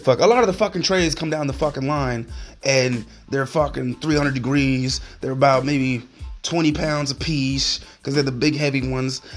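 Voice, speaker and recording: A man hosting a solo podcast, ranting in a heated, profane, rambling way. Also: fairly high pitch. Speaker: podcast host.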